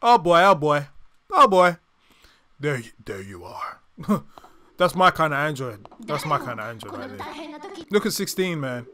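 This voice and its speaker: A gaming YouTuber provides playful, joking commentary over game music, bantering and breaking into silly song. Her voice is deep, sing-song and a bit bright, at a measured pace with frequent pauses.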